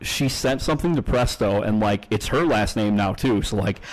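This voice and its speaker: Rambling, swearing podcast host. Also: male voice, on the low side, moderate pace, low-quality recording. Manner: rambling, filler-heavy, swears a lot. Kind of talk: casual storytelling chat.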